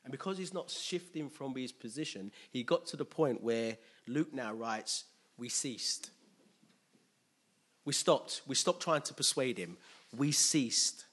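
A man preaching a sermon with animated, emphatic delivery and call-and-response. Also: mid-range voice, measured pace, husky.

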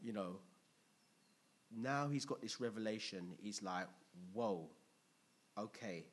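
Husky-voiced male preacher. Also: on the low side, takes it slowly. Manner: conversational, lively, asks the congregation questions. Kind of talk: sermon.

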